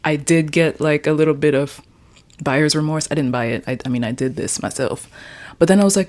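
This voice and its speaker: Talking about her writing in a loose, playful ramble, this Jamaican woman in her twenties vlogs solo from her room. Her low voice moves fairly quickly and has a slightly mellow sound.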